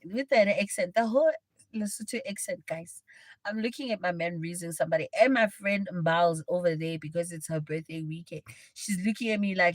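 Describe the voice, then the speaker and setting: A woman's voice: on the low side, moderate pace, dry recording. A woman livestreaming, telling a dramatic personal story in a chatty way and talking straight to her viewers. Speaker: livestream host. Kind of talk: casual storytime.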